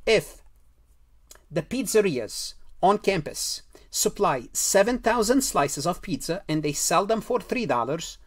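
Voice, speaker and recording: Guy teaching an exam prep lecture, kinda high voice, asks himself questions and repeats stuff. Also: slightly rough. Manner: repetitive, rhetorical questions, self-corrections. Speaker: accounting lecturer.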